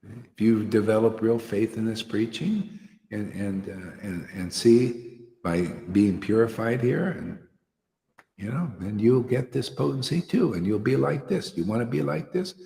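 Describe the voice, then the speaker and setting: A man's voice: fairly low pitch, unhurried, vocal fry, warm tone. A man giving an informal devotional talk to a small group, earnest and slangy, peppering his words with "you know" and "man". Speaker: spiritual teacher. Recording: roomy hall echo.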